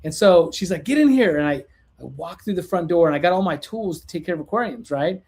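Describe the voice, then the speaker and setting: Podcast guest, man, husky, higher range, animated storyteller who acts out dialogue. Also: quick pace. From California. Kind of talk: animated storytelling in casual chat.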